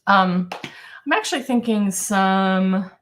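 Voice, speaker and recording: A woman vocal coach leading a live-streamed singing warm-up, talking in a relaxed, chatty way with many fillers and breaking into high sung exercises. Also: takes it slowly, over music.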